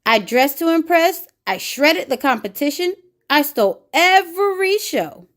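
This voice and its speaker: A woman's voice: high-pitched, sing-song. A woman reading aloud as a boastful, attention-hungry cheese, in a pompous, showy storybook manner. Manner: pompous, showy, drawn-out bragging. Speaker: children's book reader. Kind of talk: picture book read-aloud.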